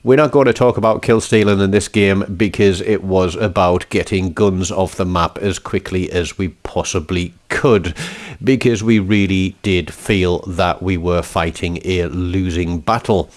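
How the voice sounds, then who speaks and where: Male gameplay narrator, very low voice, rambling and self-amused, lots of filler. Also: fairly even intonation, measured pace. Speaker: gameplay commentator. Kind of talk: casual gameplay commentary.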